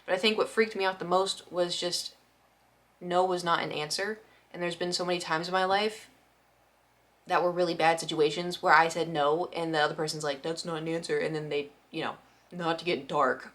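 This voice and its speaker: A woman's voice: fairly low pitch, brisk, fairly bright tone. A young adult woman telling a storytime vlog in a rambling, anxious, self-deprecating way, with many restarts. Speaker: vlogger. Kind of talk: casual storytime monologue.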